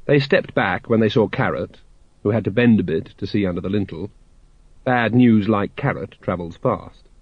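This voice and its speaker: A man narrating a story aloud in a wry, expressive way. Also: on the low side, normal speed, slightly rough, dry recording, lo-fi sound. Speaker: audiobook narrator.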